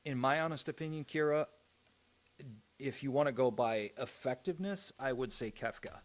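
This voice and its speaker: A man's voice: mid-range voice, moderate pace. Casual male game streamer. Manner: chatty, restarts thoughts mid-sentence.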